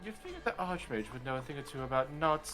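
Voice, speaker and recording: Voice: mid-range voice, expressive, fast talker, fairly bright tone, faint music behind. A player in a tabletop game, talking in a playful, teasing way about the characters. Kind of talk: tabletop role-play.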